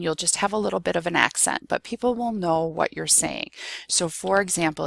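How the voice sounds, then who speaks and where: A woman's voice: lowish voice, gravelly, dry recording, studio quality. A woman with a Midwestern American accent, a Spanish teacher explaining pronunciation in a reassuring way, with many ums and okays. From United States. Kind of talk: recorded screen-share lesson.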